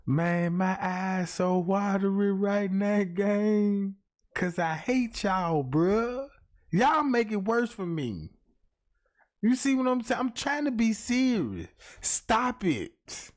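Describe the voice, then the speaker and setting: A man hosting a comedic livestream, talking to his chat in a swearing, slangy rant. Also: sits high. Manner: animated, swearing, slangy, keeps asking the chat. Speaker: livestream host.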